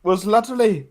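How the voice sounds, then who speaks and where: A young man co-hosting a podcast, telling stories in casual chat and acting out what people said. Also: very high-pitched. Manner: animated storyteller, acts out quotes. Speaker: podcast co-host.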